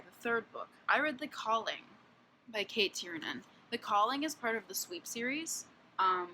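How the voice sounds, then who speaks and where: A young woman in her twenties chats through her monthly book reviews with a lower-pitched but bright, ringing voice. She talks bluntly and candidly, swears freely and fills her sentences with casual fillers. There is a faint hiss behind her. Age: 20s.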